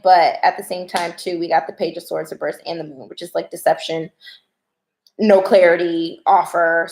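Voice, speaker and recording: An excitable young American woman chats casually and reads tarot for her viewers. Her voice sits at an ordinary middle pitch. The sound rings off the walls of an echoey room. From United States. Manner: chatty, excitable, swears casually. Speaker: tarot reader. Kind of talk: casual livestream chat and tarot reading.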